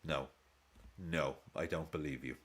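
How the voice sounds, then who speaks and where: A man hosting a live football watch-along stream, casually chatting with viewers and reacting to the match. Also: a little slow. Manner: chatty, reacts to play and reads chat aloud; lively swings in pitch.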